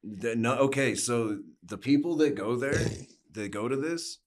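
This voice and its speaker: A man's voice: mid-range voice, expressive, measured pace. A man telling casual stories as a podcast guest, rambling with many fillers and easy swearing. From United States. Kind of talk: casual chat.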